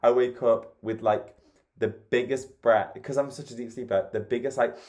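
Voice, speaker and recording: A man's voice: medium pitch, steady tone, normal speed, darkish tone. A man co-hosting a podcast, telling stories in a casual chat and laughing often. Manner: laughing storyteller, acts out screams. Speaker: podcast co-host.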